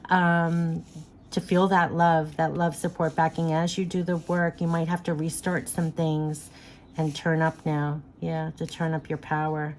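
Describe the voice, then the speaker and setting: A woman's voice: low-pitched, level tone, a little slow, darkish tone, a little hiss or hum. A woman doing a spiritual card reading, speaking in a soothing, repetitive, affirming way.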